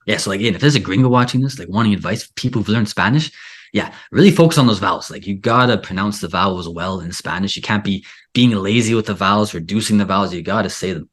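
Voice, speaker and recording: Casual male host type, lowish, easygoing, chatty. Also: brisk, husky. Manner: relaxed, rambling, many "like" and "yeah" fillers. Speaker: language teacher, show host. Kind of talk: casual conversation.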